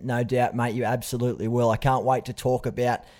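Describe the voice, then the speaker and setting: A man's voice: mid-range voice, flat delivery, fairly quick. A young Australian man hosting a podcast, earnest and chatty, calling his guest mate. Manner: warm, earnest, says mate often. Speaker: podcast host. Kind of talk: casual podcast interview.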